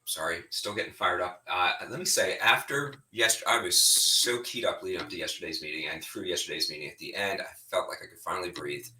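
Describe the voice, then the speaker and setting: Man, middle-aged, blunt, heated, bright edgy tone, distant mic, roomy echo. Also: low voice, fairly quick, hardly any pauses. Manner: animated, heated, speaks bluntly. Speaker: state representative giving an update. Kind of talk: informal spoken update.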